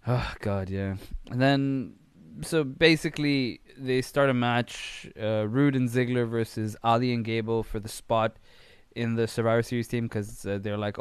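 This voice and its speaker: A man's voice: fairly low pitch, clean tone, dry recording. A man hosting a casual recap podcast, ranting in exasperation with lots of swearing, rambling with sighs and restarts. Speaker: podcast host.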